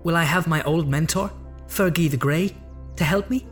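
A man's voice: on the high side, moderate pace, faint music behind, voice pushed up, natural voice. A man voicing an eager young hero in a comic sketch who asks hopeful questions.

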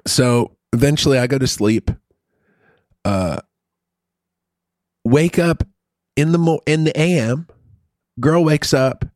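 A middle-aged man telling a story in casual chat, crude and profane with an animated, rambling delivery. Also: medium pitch, slow, long pauses, no room sound, studio quality.

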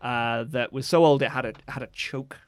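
A man's voice: medium pitch, fairly even intonation, normal speed, no room sound. A man co-hosting a comedy podcast, telling rambling stories and often breaking into laughter. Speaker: podcast co-host.

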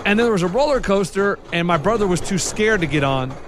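A man co-hosting a casual talk show, reminiscing in a relaxed, chatty way. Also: high-pitched, quick pace, background noise. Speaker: radio show co-host. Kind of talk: casual chat.

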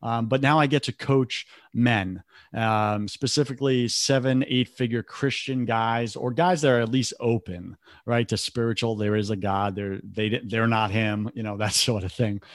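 A man's voice: medium pitch, steady tone, normal speed, no echo, clean studio sound. A man talking earnestly in short reflective phrases in a casual podcast conversation, as a business coach.

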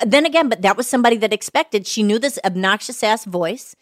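A woman's voice: mid-range voice, animated, brisk, dry recording, studio quality. A middle-aged woman with a whiny voice, telling stories candidly in a casual interview and swearing freely. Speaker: podcast guest.

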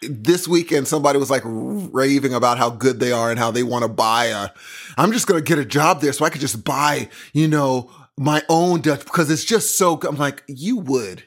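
A man's voice: medium pitch, normal speed, a bit bright. A young man co-hosting a casual chat, telling rambling stories in an exasperated way. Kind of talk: casual banter.

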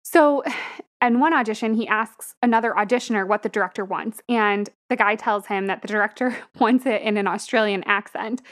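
A young woman co-hosting a podcast casually recaps a film's plot and laughs often as she talks. Her mid-range voice is fairly bright, at a moderate pace, in a relaxed movie-review chat.

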